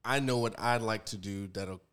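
Very deep-voiced man, easygoing. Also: moderate pace, clean tone. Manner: easygoing, trails off softly, repeats "you know". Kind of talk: casual chat.

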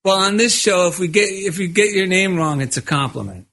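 A man with a notably high voice talks loosely in a relaxed podcast chat. He co-hosts and writes books, and he drifts into anecdotes, restarting his sentences as he goes. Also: a little fast, gravelly. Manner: rambling, anecdotal, with frequent restarts. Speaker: podcast co-host and author. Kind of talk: casual conversational chat.

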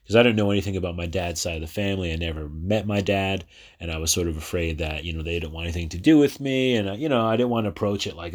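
A man's voice: deep voice, fast talker. A man in his thirties from New Jersey, hosting his own podcast in a chatty, rambling monologue full of fillers and restarts. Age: 30s. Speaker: podcast host. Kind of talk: casual personal podcast monologue.

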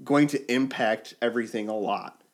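A man's voice: mid-range voice, normal speed. Man explaining fan theories casually. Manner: animated, explains theories at length. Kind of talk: casual chat.

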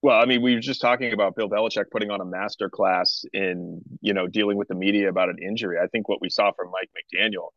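Low-voiced man on a dull, distant mic. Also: steady tone, fast talker, hardly any pauses, a bit bright, no room sound. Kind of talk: casual sports talk.

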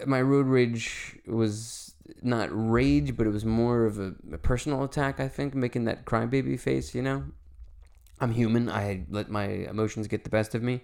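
Gravelly-voiced man rambling on a solo podcast. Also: on the low side, a little mellow. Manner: rambling, candid, swears, full of fillers. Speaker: podcast host.

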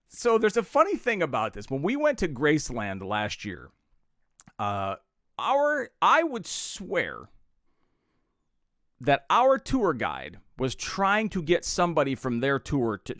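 A man co-hosts a casual podcast. He tells stories with lots of life, and his pitch swings widely. He laughs at his own blunders, and the sound is dry and close. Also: slow, no echo. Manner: animated storyteller who laughs at himself. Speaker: podcast co-host.

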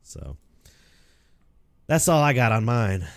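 Profane, animated young man telling stories. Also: medium pitch, takes it slowly, gravelly, no room sound, studio quality. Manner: profane, animated storyteller who laughs often. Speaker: podcast co-host. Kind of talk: casual podcast chat.

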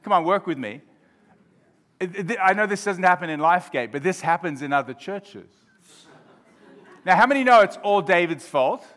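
A man's voice: high-pitched, expressive, normal speed, long pauses, a bit bright. A man preaching a sermon as pastor of his church, joking and drawing the congregation in. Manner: humorous, engaging the congregation.

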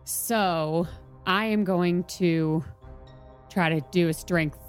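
A woman playing in a tabletop game, expressive and quick to exclaim. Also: fairly low pitch, smooth, faint music behind. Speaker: player. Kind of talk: casual tabletop play.

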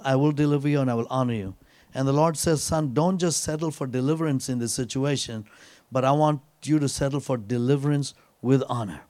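A man's voice: mid-range voice, a little mellow, no echo. A man preaching as a guest speaker, telling a personal story and returning again and again to a scripture refrain with frequent "praise God.". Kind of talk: sermon.

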